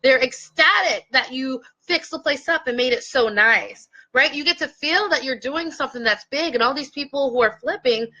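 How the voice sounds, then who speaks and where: A woman's voice: high-pitched, normal speed, few pauses, pushed and bright, muffled recording. A woman real estate investor coaching her viewers in an earnest, impassioned talk, at times close to tears. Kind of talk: heartfelt direct-to-camera talk.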